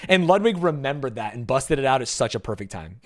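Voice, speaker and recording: A man's voice: mid-range voice, very animated, quick pace. A man giving casual, candid commentary on his own game show, chatty and amused.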